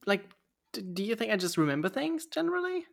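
A podcast co-host in casual chat, playful, teasing and quick to get excited. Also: mid-range voice, vocal fry.

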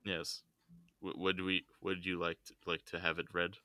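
Man, podcast co-host, casual chat, smooth, sharp-toned, hesitant, stammering. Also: low-pitched, monotone, normal speed, no echo. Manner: hesitant, stammering, laughs often.

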